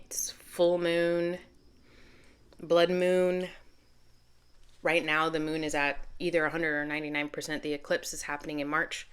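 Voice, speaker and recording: A woman's voice: sits low, a bit bright, clear, resonant tone. Earnest middle-aged woman reading tarot. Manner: earnest, rambling, with self-corrections. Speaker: tarot reader. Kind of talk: channeled tarot reading to camera.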